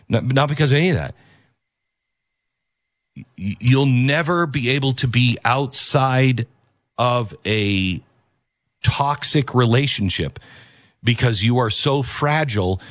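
A male commentary host talks over a video clip in an emphatic, preachy manner and hammers his points home by repeating them. His delivery swings widely up and down in pitch. The sound is dry and close to the mic. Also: dry recording.

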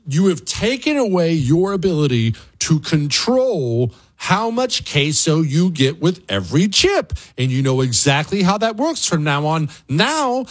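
A man hosting a talk show, ranting in comic mock outrage. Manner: animated, exasperated, mock-outraged, swinging pitch. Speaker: radio host. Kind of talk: comic rant on talk radio.

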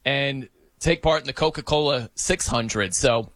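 A man hosting sports talk, animated and joking, laughing as he riffs on the news. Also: mid-range voice, a little slow, dry recording. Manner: animated, joking, breaks into mock announcer voices. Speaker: sports radio host.

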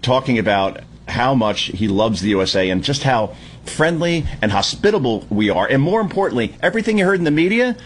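A man hosting a Sunday morning talk radio show, giving an opinionated, sarcastic monologue that climbs into yelling. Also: mid-range voice, brisk, a little hiss or hum. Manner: animated, sarcastic, prone to yelling. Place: at the shore.

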